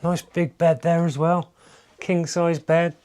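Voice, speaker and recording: A man's voice: on the high side, flat delivery, slow, a little mellow. A man giving an upbeat sales walkthrough of a holiday lodge, moving from room to room and talking to viewers. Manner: upbeat sales patter, keeps addressing viewers. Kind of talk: enthusiastic property walkthrough.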